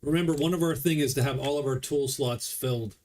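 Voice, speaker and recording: A man's voice: mid-range voice, a little fast, a little mellow. A man casually commenting as he plays a board game solo, explaining the rules as he goes. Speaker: board game player streaming a solo playthrough.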